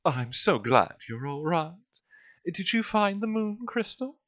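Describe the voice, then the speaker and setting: A man voicing a polite young woman dancer in a gentle, lifted voice while reading game lines. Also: a little high, sing-song, measured pace, no room sound, pitched above the performer's own voice. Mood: sweet.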